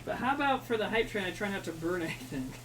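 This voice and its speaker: A man's voice: high-pitched, big pitch swings, normal speed, noisy background. A man chatting casually with his livestream chat while he cooks, rambling and swearing, joking at his own expense. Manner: rambling, profane, self-mocking banter with chat. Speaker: streamer cooking live.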